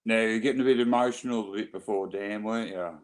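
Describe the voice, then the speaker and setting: A laid-back Australian man chats as a livestream guest, rambling and loose with his phrasing. His voice sits somewhat low. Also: fast, a little hiss or hum. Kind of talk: casual chat.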